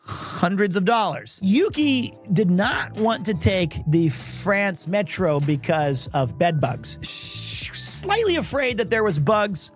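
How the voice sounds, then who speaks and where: A man's voice: sits high, big pitch swings, slow, faint music behind. A young man telling a rambling, self-deprecating story in a casual livestream chat. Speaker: streamer.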